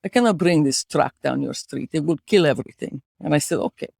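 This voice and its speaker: A woman's voice: low voice, a little fast, gravelly, breathy edge, no echo, studio quality, heavily acted. A woman putting on a gloomy Russian accent. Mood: deadpan. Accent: put-on Russian. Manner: deadpan, dropped articles, heavy fatalism.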